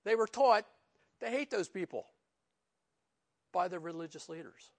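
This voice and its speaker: A pastor teaches the Bible verse by verse in a relaxed, unhurried way, his voice sitting a little higher than most men's. He speaks informally, saying "you know" a lot, and when he stresses a point he gets both louder and higher.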